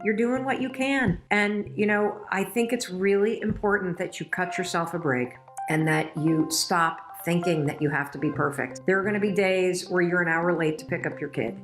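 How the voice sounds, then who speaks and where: A middle-aged woman with a fairly low voice delivers a motivational talk. She is emphatic and emotional and speaks directly to her listeners, with faint music underneath. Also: moderate pace, hardly any pauses.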